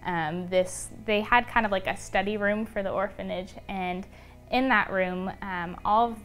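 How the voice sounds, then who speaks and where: A young woman being interviewed, telling a personal story in a casual, chatty way, full of "um" and "like". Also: medium pitch. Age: young adult. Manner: chatty, many fillers like "um" and "like". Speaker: interview guest.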